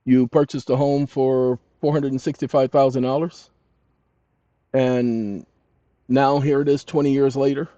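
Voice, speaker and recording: A man hosting his channel, lecturing viewers emphatically and addressing them as "ladies and gentlemen", sometimes dictating text slowly and deliberately. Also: mid-range voice, flat delivery, no room sound, dull audio. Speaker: channel host.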